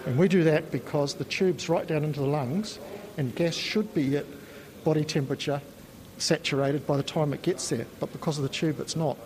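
A man with a New Zealand accent and a voice pitched a little high. He walks a visitor through a factory and explains the equipment patiently, pausing on an occasional um. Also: a little mellow, poor audio. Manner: patient, explanatory, with frequent ums. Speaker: company spokesperson giving a tour. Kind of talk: technical explanation on a factory tour. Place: factory and laboratory.

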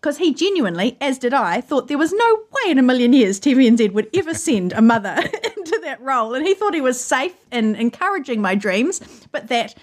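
A woman's voice: high-pitched, sing-song, brisk, few pauses. Earnest New woman sharing her story. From New Zealand. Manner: earnest, emotional, laughs while telling. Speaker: journalist guest. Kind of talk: remote interview, personal storytelling. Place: her home.

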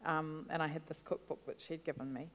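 A woman guest, a food writer, telling animated stories in an interview. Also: deep voice, a little fast, long reverb tail. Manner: chatty, animated storytelling with laughs. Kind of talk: storytelling interview answers.

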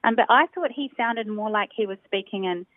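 A medium-pitched woman from New Zealand, newly on the phone, serves as a linguist guest giving explanatory answers. She's measured and reflective, saying um often, and the tinny, dry line carries no room sound.

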